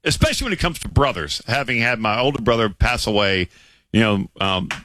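A middle-aged man co-hosts a sports talk show, needling his partner and tripping over repeated words when he gets going. His voice is bright and swoops up and down a lot. The studio sound is close and dry. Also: on the low side, brisk, no room sound. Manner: teasing, animated, repeats words when excited. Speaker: sports radio co-host. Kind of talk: casual sports talk radio banter.

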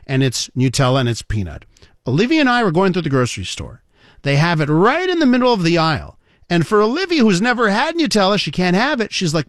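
A man hosting a talk radio show, telling a story in a playful, animated way and speaking straight to his listeners. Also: a little high, brisk, dry recording, clean studio sound. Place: radio studio. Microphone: studio microphone.

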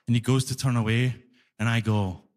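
A man's voice: medium pitch, fairly quick. Glaswegian man doing stand-up in a big hall. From Scotland. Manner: animated storytelling, acting out both sides. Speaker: stand-up comedian. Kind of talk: stand-up comedy set. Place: large concert hall stage. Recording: live hall reverb.

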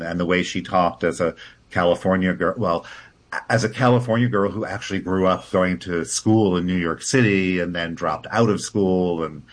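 A man, a theater director, answering interview questions in a chatty way, laughing often and restarting his sentences. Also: low-pitched.

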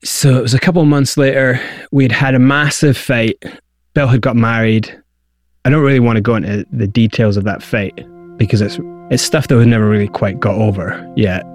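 A man's voice: mid-range voice, fairly quick, dry recording. Guy telling his story, acts out voices, dry close sound, faint music under it. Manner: animated, acts out quoted voices. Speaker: interview guest. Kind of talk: candid storytelling.

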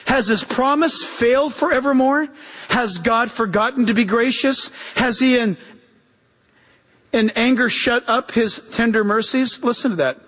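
A man's voice: very high voice, measured pace, fairly bright tone. A male pastor preaching a fervent sermon, quoting scripture and crying out with exclamations.

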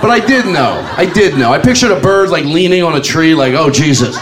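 A man's voice: sits high, big pitch swings, brisk, a bit bright. A middle-aged man doing a rambling stand-up comedy routine, chuckling through his own stories with lots of fillers. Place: comedy club stage. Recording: live club recording with room noise.

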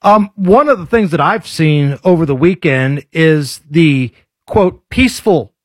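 Blunt, husky-voiced talk host. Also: male voice, a little high, a little slow, no echo. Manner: blunt, conversational. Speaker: political talk show host. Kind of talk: opinionated commentary.

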